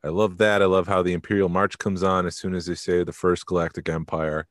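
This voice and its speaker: A man's voice: low voice, flat delivery, fairly quick, no echo. A man co-hosting a podcast, chatting casually and rambling, often trailing off mid-thought. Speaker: podcast co-host.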